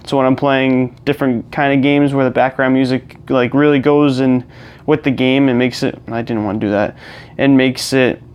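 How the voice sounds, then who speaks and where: A man's voice: medium pitch, flat delivery, moderate pace, darkish tone, smooth. A young man chatting casually as a gaming vlogger, rambling with many fillers and restarts, recorded on a clip-on lapel mic plugged into his phone. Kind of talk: casual chat to camera while gaming.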